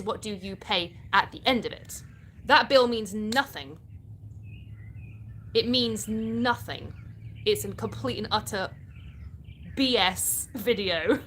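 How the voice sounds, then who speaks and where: A woman's voice: mid-range voice, a bit bright, slight background noise. A British woman from the UK hosting a casual live stream, answering viewer comments in a chatty way and laughing often.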